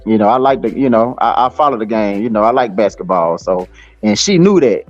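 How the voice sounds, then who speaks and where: A man's voice: lowish voice, expressive, brisk, dry recording, soft background music. Profane ranting man. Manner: cursing, taunting, rambling with many fillers. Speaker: livestream host. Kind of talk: profane live-stream rant. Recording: slightly dull lo-fi stream audio.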